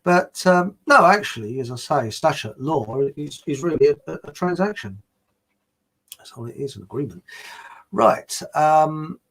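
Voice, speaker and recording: A man's voice: fairly high pitch, very animated, measured pace, fairly bright tone. A man hosting a livestream, chatting casually and rambling through anecdotes and viewer comments with plenty of fillers and restarts.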